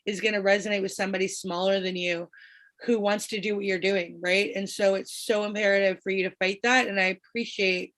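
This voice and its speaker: A woman hosting a casual group chat over a video call, talking in an animated, encouraging way. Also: medium pitch, a little fast. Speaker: host.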